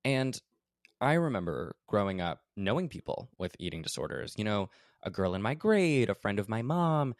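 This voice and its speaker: A man's voice: on the low side, very animated, moderate pace, no echo, clean studio sound. A young man hosting a podcast in a casual, chatty way, full of "like" and "you know". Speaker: podcast host. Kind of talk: casual conversational discussion.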